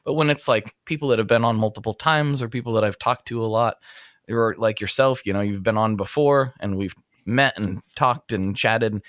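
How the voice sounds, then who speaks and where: A man's voice: on the low side, normal speed, fairly bright tone, no echo, studio quality. A man hosting a casual podcast conversation, rambling and self-deprecating, laughing often. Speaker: podcast host.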